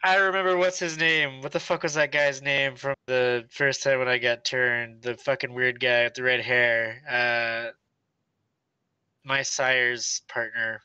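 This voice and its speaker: A man's voice: medium pitch, level tone, a little slow, sharp tone, clear, resonant tone, no room sound, rough recording. A man playing a tabletop game, joking brashly and swearing as he describes his character's moves. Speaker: player.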